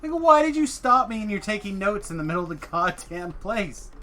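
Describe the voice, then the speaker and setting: Animated storytelling man, bright voice. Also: sits high, brisk. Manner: animated, swearing, acts out quoted people. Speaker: streamer. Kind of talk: casual storytelling while gaming.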